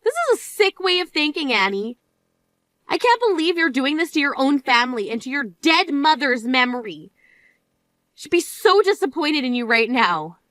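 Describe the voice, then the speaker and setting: Actress as a grieving sister, high voice, exasperated and scolding, dry close sound. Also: female voice, big pitch swings, normal speed, a bit bright, no room sound. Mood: furious. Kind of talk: dramatized story voice acting.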